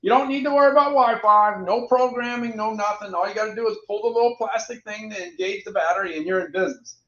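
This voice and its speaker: A fast-talking, chatty man hosts a casual product livestream, reading out prices and ratings and often repeating his phrases. His high voice comes across bright and forceful. The sound is roomy and dull, with a lo-fi quality.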